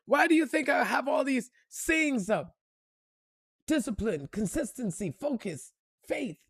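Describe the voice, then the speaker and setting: A woman's voice: high-pitched, expressive, a little slow, breathy edge, dry recording, clean studio sound. Blunt, cussing woman preaching to viewers. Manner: blunt and profane, preachy and emphatic; talks straight to viewers, swinging between quiet and loud. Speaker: spiritual reader and motivational speaker. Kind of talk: unscripted motivational rant and storytelling.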